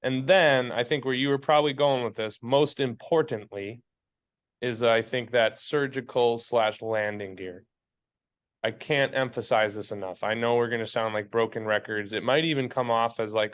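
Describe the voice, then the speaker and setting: A man's voice: mid-range voice, steady tone, normal speed, clean tone, lo-fi sound. Fired-up, swearing fly-fishing podcast man. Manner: blunt and fired up, swears freely, preachy. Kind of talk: casual chat.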